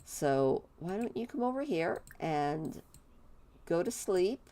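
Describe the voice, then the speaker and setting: Brief: playful woman game commentator, lively pitch, relaxed slow delivery. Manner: chatty and playful, gushing over the game's babies. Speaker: gameplay commentator.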